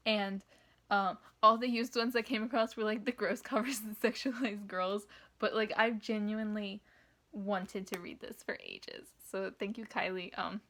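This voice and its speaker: A young adult woman chatting casually for her book vlog, excitable and giggly, filling her speech with "like". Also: mid-range voice. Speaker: book vlogger. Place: inside her parked car.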